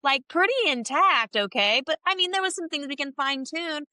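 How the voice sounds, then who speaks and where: Podcast guest, woman, 30s, bright and forceful, open and emphatic, dry recording. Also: sits high, a little fast, dry recording. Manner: open and emphatic, animated with swearing. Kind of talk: candid interview conversation.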